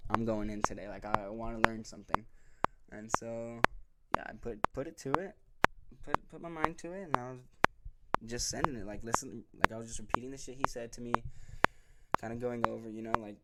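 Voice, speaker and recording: Young man, lowish voice, rambling casual story, swears a lot, loud hiss behind. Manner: rambling, profane, many fillers and restarts. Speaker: podcast host. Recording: loud background noise.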